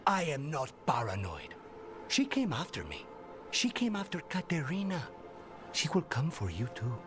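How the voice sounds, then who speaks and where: A man's voice: on the high side, huge pitch swings, moderate pace. An actor playing a tense, paranoid male assassin in a video game, urgent and insistent. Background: game music.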